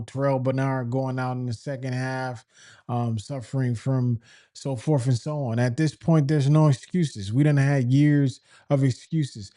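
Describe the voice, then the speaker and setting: A man in the middle of a sports opinion rant, his voice warm and mellow in tone. He sounds exasperated and keeps asking rhetorical questions, circling back over the same points. His pitch sits in an ordinary middle range. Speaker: football fan commentator.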